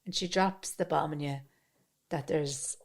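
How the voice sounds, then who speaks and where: An Irish woman in her thirties, co-hosting a podcast in casual chat and telling animated, sweary stories. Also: low voice, measured pace. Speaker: podcast co-host.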